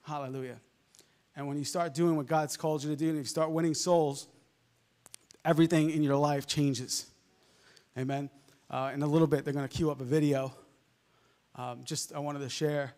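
A male preacher with a softened New York accent, delivering a fervent sermon full of amens and hallelujahs. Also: a little high, fairly even intonation, moderate pace, pauses often. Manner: fervent, peppered with amens and laughs.

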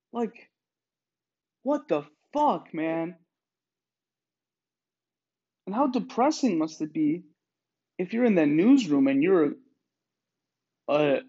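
A man hosting a podcast in a rambling monologue, swearing often and digressing in an animated way. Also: high-pitched, husky, lo-fi sound. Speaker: podcast host.

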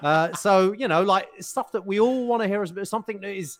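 A man co-hosting a podcast, telling crude stories in halting casual banter. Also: sits high. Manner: chatty, halting with fillers, crude humour. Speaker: podcast co-host.

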